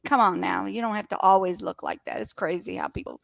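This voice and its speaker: A woman's voice: on the low side, fast, creaky, no room sound. A woman co-hosting a casual relationship chat, upbeat and emphatic. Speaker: podcast co-host.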